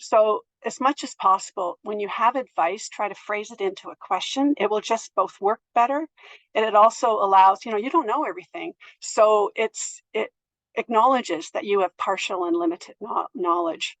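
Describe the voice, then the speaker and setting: A middle-aged woman giving a presentation on board governance in a thoughtful, gentle way, with many fillers and restarts. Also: medium pitch, moderate pace, no room sound, rough recording. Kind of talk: presentation to an audience.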